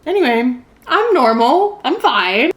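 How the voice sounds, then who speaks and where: A woman's voice: sits high, sing-song, slow. A young woman in casual vlog chat about a book series. She thinks aloud with many likes and ums, and she turns emotional and dramatic. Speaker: book vlogger.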